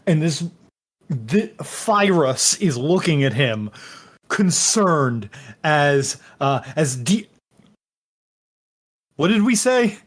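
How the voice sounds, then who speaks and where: Male game master, slow and rambling, slightly high voice. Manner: rambling, halting, full of fillers. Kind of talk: narrating a tabletop game.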